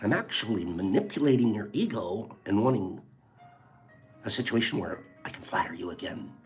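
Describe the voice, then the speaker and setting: A man hosting a reflective spiritual talk, reading passages from a book aloud and mixing in his own animated remarks and soft asides. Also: fairly low pitch, moderate pace, faint music behind. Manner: animated, swinging between loud emphasis and soft asides. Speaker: podcast host.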